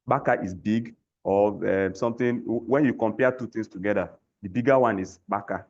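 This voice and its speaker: Low-voiced male language teacher on a dull lo-fi call line, patient and repetitive. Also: a little fast, a little mellow. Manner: patient, repeats words for learners to echo. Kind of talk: online language lesson. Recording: lo-fi call audio.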